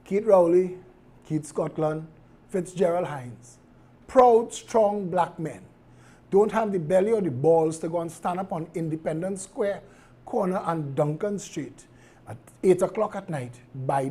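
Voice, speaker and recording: A man with a Trinidadian accent hosting a live political commentary show, sharp and outspoken, moving between a calm measured tone and loud emphasis. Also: fairly high pitch, breathy edge.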